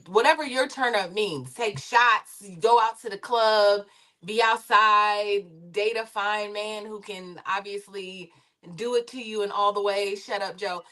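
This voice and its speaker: A woman's voice: mid-range voice, bright, forceful tone. A woman on a discussion panel, a former reality TV producer, talking in a rambling, conversational way. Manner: rambling and conversational, with many fillers and restarts.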